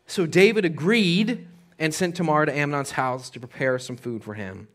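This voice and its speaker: Male pastor preaching, chatty and casual, voice a bit on the high side. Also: moderate pace, fairly bright tone. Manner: conversational preaching, casual slang. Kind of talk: sermon.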